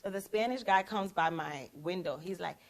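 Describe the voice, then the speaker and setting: Lively woman telling a story. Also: on the low side, moderate pace. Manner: animated, acts out quoted lines. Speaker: prophetess and show host. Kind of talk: storytelling in casual chat.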